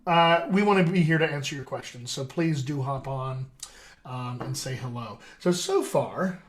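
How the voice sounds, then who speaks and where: With a mid-range, animated voice at a moderate pace, a male dialect coach hosts a casual live stream. He's playful and chatty, talking right to his viewers via a video call setup.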